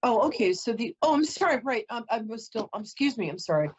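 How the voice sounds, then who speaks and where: A woman's voice: a little high, big pitch swings, quick pace, a little mellow, highs cut off, a little hiss or hum. A woman giving a live call-in psychic reading, chatty and emotional, often breaking off to apologize. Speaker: psychic reader.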